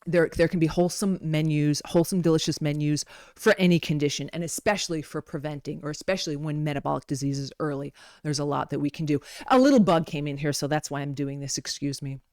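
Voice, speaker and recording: Low-voiced and a little mellow, she talks fast through a casual wellness lesson, playfully straying into stories and asides. Her modest home mic captures a dry, clean, studio-like sound.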